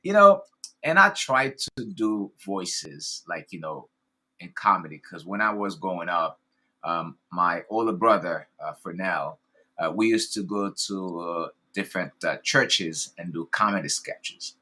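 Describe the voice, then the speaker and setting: Enthusiastic male host, lowish pitch, forceful bright tone, rambling casual chat. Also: lively intonation, unhurried. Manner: effusive, enthusiastic, rambling with fillers. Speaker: podcast host.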